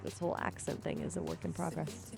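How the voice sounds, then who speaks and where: A woman's voice: low-pitched, steady tone, gravelly, over music. An AI chatbot speaking in a woman's voice, chatting playfully and quipping with a streamer. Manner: chirpy, playful, quick with quips. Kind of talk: casual chat.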